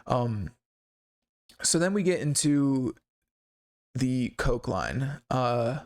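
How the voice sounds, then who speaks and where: A man's voice: medium pitch, animated, drawn-out words, a little mellow. A man hosting a casual song breakdown, talking in a laid-back, rambling way with lots of fillers and restarts. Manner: laid-back and candid, with occasional swearing. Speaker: songwriting channel host.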